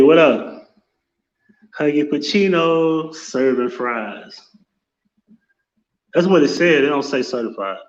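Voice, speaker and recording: Brief: male streamer, casual and profane, slightly high voice, roomy lo-fi sound. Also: slow pace, pauses often. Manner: profane, loose and talkative, greeting chat viewers. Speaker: live-stream host. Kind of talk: casual live-stream chat. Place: home office. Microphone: without headset, room mic. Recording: echoey room, dull lo-fi sound.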